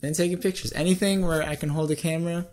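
A man's voice: on the high side, steady tone, fast talker, a little mellow. A man in his twenties, a guest on a podcast, telling a story in a casual, chatty way and often checking in with "right?". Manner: chatty, keeps adding "right?".

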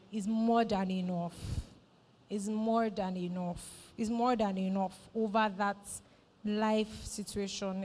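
A woman's voice: medium pitch, a little mellow. A woman pastor, preaching a sermon in church and repeating her phrases for emphasis, often asking "right?".

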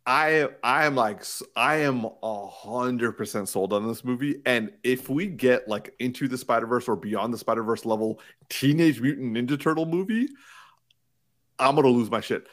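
A man co-hosting a podcast in casual chat, excitable and rambling, laughing often and restarting his sentences. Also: mid-range voice, moderate pace. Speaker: podcast co-host.

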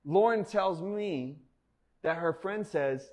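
Here a pastor, his voice on the high side and at normal speed, tells a personal story during a conversational sermon. He's animated, laughs often, and leans heavily on "like" as a filler.

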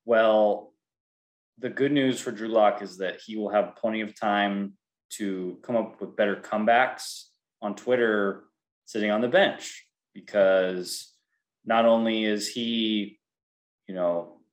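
A man with a fairly low voice co-hosts a laid-back sports podcast. He talks in a joking, teasing way and often chuckles at his own remarks. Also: fairly even intonation, slow pace. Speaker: co-host. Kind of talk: casual sports podcast chat.

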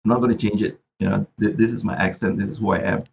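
A man's voice: lowish voice, fairly even intonation, fast talker, vocal fry, a little mellow, slightly rough, lo-fi sound. A Malaysian man who raps, talking reflectively as a podcast guest and often repeating words while he thinks. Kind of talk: casual interview chat.

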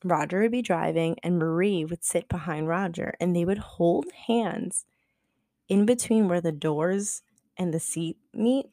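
Low, gravelly woman telling a story. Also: unhurried, mellow, no echo, clean studio sound. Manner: chatty, profane, heavy use of "like"; acts out quoted dialogue. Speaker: podcast co-host. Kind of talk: casual storytelling.

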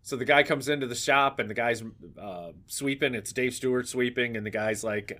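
A man's voice: mid-range voice, a little fast, few pauses, a bit bright. A man co-hosting a podcast, casually retelling a comedy sketch and acting out the dialogue. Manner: storytelling, acts out dialogue, laughs along. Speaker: podcast co-host.

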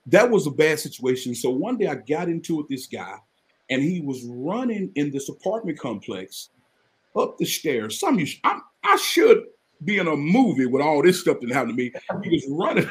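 A man, telling his life story as a guest on a live podcast, earnest and animated. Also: fairly high pitch. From Mississippi, US. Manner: earnest, animated storytelling with sudden excited rises.

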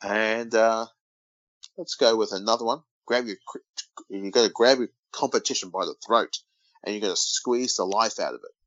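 Low-voiced Australian man, dull lo-fi audio. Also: normal speed, fairly bright tone, no room sound. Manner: reads odd news stories aloud, teasing banter. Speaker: podcast co-host. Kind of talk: casual podcast chat. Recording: dull lo-fi dry recording.

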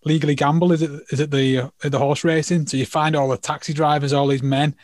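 A male host running a relaxed interview. His voice sits on the higher side and sounds dry and close to the mic. He rambles and leans on "like" as a filler. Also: fast talker, no echo. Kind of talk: casual interview.

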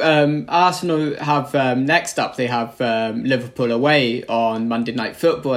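A man co-hosting a casual football podcast, relaxed and hesitant, with frequent ums. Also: medium pitch. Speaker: podcast co-host.

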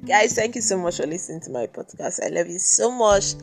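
A woman's voice: mid-range voice, lively intonation, fairly quick, creaky, soft background music. A young woman with a Nigerian accent hosting her own podcast, talking in a rambling, chatty way full of "like", just after waking up. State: just woken up. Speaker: podcast host. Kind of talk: casual solo podcast monologue.

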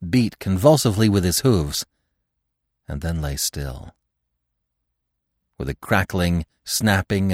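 A man narrating a classic story in an expressive, dramatic reading. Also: sits low, dry recording, studio quality. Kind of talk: scripted audiobook narration.

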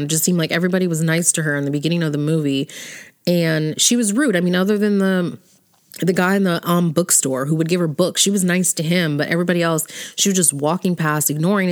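Woman, deep low voice, casual vlog chat, blunt, profane, laughs often. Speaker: vlogger ranking characters.

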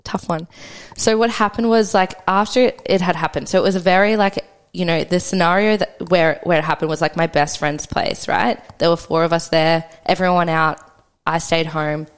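A woman speaks candidly as a podcast guest, her voice low-set and smooth. She tells her story in a reflective, halting way, circling back with restarts and plenty of "like". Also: fairly even intonation. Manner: reflective, halting, heavy use of "like".

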